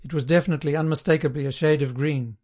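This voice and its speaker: A man narrating an audiobook in a steady, measured way. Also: a little high.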